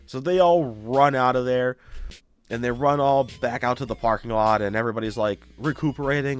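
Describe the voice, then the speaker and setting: A man with a middle-pitched voice recaps a story in a casual, animated way. He jumps into quick character voices as he goes. A faint bed of music plays under him. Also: smooth. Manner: animated, acts out characters' lines. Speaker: YouTuber.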